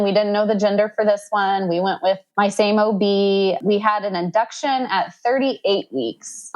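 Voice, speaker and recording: A woman in her thirties telling her birth story as a podcast guest, chatty, full of fillers, and acting out what others said with sudden jumps up in pitch. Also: a little mellow, rough recording. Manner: acts out quoted dialogue with sudden high pitch jumps. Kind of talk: casual storytelling.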